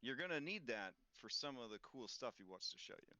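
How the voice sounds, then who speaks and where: A male game master narrating a tabletop game over a close mic. His voice is bright and forward and sits in the middle of the range. The sound is dry, with no room around it. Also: mid-range voice, a little fast, dry recording. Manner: relaxed, filler-heavy explaining.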